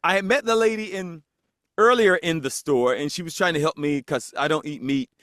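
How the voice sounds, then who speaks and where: A man's voice: a little high, normal speed, fairly bright tone, no room sound, studio quality. A man guest on a podcast, telling a story in casual chat and acting out the voices of the people in it, laughing often.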